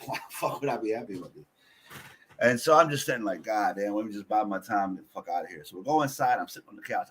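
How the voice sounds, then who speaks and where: A man guest on a podcast, telling a personal story in a blunt, profane, animated way. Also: medium pitch, breathy edge. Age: adult.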